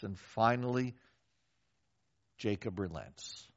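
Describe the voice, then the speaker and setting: An older man preaching a sermon as a pastor, telling a story in a conversational, animated way and acting out the quoted voices. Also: fairly high pitch, unhurried. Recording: dull lo-fi recording.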